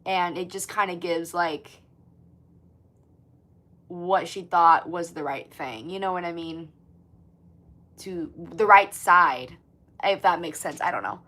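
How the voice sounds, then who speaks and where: A woman's voice: fairly low pitch, slow pace, pauses often. A woman in her twenties hosting a casual livestream, chatting to viewers and reading comments, swearing freely and filling her talk with "like". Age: 20s. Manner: chatty, swears often, lots of "like", animated. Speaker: livestream host.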